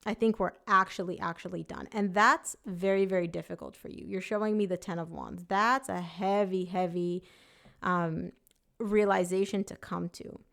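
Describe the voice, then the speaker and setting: A woman's voice: on the low side, lively intonation, moderate pace, vocal fry, fairly bright tone. Woman tarot reader, chatty and emphatic, casual direct address. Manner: chatty, emphatic, voices the client's thoughts.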